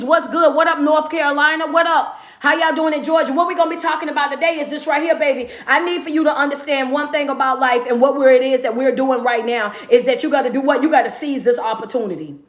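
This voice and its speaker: A woman, a motivational speaker, hosting a casual livestream and calling out hyped greetings to her viewers. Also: high voice. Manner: hyped, calls out to viewers by place. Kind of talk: casual livestream shout-outs. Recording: echoey room.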